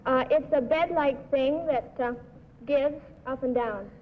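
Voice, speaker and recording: A woman's voice: high voice, a little slow, a little hiss or hum. A woman answering questions as a game show contestant, brief, polite and a bit unsure. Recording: tinny 1950s TV broadcast with hall reverb.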